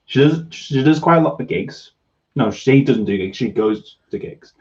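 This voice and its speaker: A man with a Newcastle Geordie accent chats casually on a livestream, often stammering and starting over. His pitch moves a lot, rising and falling as he talks. The audio is a bit dull and lo-fi. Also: expressive, normal speed, a little mellow. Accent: Northeast English, Newcastle. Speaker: host.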